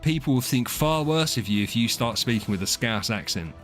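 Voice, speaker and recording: A man's voice: medium pitch, animated, a little fast, a bit bright, soft background music. A man from England, streaming and chatting casually with his viewers in a teasing, rambling way. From southern England. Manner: chatty, teasing, frequent restarts and laughs. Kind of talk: casual chat with chat readers.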